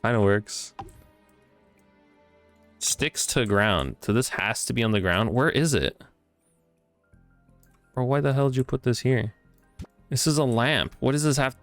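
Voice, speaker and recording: A man streaming a video game, chatting casually, reacting excitably with swearing, laughter and mock-grand musings. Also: mid-range voice, unhurried, pauses often, dry recording, soft background music. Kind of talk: casual gameplay commentary.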